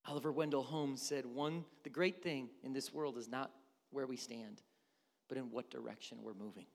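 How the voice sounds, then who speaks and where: A man's voice: medium pitch, steady tone, moderate pace, vocal fry. A male pastor preaching a conversational sermon, asking his congregation questions. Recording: reverberant hall.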